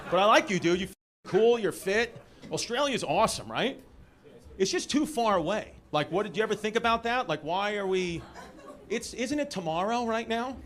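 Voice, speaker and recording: A man with a New York accent doing stand-up crowd work, telling loud, rowdy stories with shouted impressions. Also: high-pitched, animated, brisk. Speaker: stand-up comedian. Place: comedy club stage. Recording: live club recording with noisy crowd. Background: crowd laughter.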